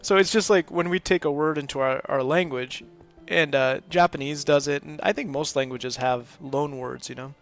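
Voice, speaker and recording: Gravelly chatty man streaming a game. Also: fairly high pitch, fairly even intonation, normal speed, few pauses, soft background music. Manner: rambling, chatty, laughs often. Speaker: host of a live gaming stream. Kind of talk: casual gameplay commentary.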